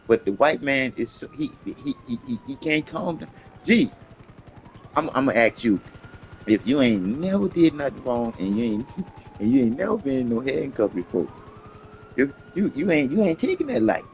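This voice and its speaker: A man's voice: medium pitch, big pitch swings, moderate pace, darkish tone, faint music behind, rough recording. A man casually retelling a story with lots of repeated words and swearing.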